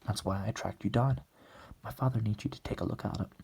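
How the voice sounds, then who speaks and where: Guy doing a gravelly, husky, tough young woman sub pilot, pushy, whispered role-play. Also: fairly low pitch, brisk, exaggerated voice. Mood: challenging. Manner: forceful, defensive.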